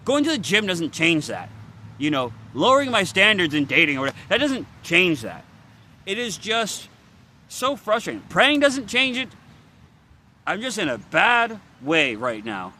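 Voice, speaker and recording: A man's voice: sits high, very animated, a little slow, bright, forceful tone, a little hiss or hum. A young man venting in a confessional vlog, frustrated, weary and swearing bluntly as he talks. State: weary and worn out. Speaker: vlogger.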